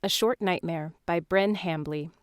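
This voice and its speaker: A woman narrating in second person, calm and measured, telling a dreamlike story. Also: on the low side, noisy background.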